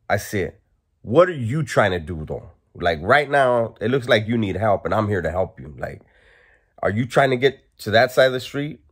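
A man with a somewhat low voice tells a story in a loose, relaxed way. He swears freely, and his delivery is casual and unpolished, like talking to friends. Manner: laid-back, profane, laughs while telling. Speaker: storyteller vlogger.

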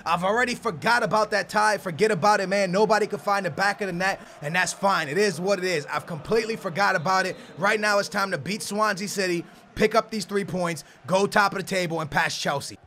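A young man commentating his own football video game, muttering plans quietly, then shouting in outbursts. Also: high-pitched, a little fast, slight background noise. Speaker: gaming YouTuber. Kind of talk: excited gameplay commentary.

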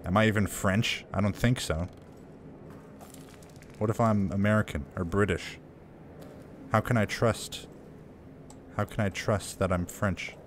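Low-voiced man joking through a horror game. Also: fairly even intonation, unhurried, long pauses, a little hiss or hum. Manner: casual, joking, reads game notes aloud. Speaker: let's play gamer. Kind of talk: gameplay commentary.

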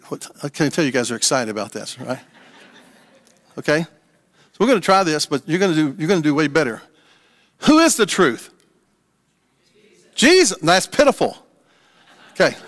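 A man's voice: a little high, a bit bright, long reverb tail. An older man preaching a casual, playful sermon as pastor, leading call-and-response with his congregation. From USA. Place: church sanctuary.

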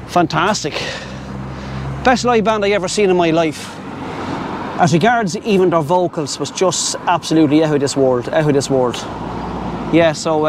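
Rambling Irish vlogger, middle-aged man, pitched a touch high, clip-on mic outdoors with faint traffic behind. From Ireland. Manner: rambling, chatty, talks to the viewers and to animals. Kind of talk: casual walking commentary. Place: outdoors on a riverside path in a city. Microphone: wireless clip-on mic.

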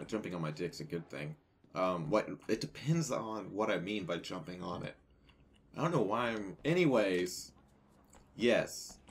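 Young guy, lowish voice, crude jokey gaming commentary, yells when stuff blows up, bit of hiss. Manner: crude, joking, bursts into loud excited shouting. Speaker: gaming YouTuber. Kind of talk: casual let's-play commentary.

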